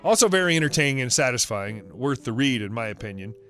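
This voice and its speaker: Man narrating a story with lively pitch. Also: fast talker, faint music behind. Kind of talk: scripted narration.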